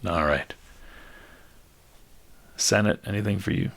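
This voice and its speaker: Deep, slow-talking male game master. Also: creaky, a bit bright. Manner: laid-back, chuckling, many fillers. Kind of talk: narrating a tabletop game.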